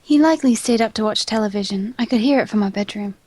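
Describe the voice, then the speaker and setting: A woman voicing a gentle, caring young woman who speaks politely, calmly and formally. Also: mid-range voice, fast, close to an everyday voice.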